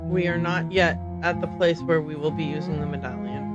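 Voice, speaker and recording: A woman's voice: low-pitched, fairly quick, muffled recording. Chatty woman streaming a game. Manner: chatty, self-correcting, playful. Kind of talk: casual game commentary. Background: game music.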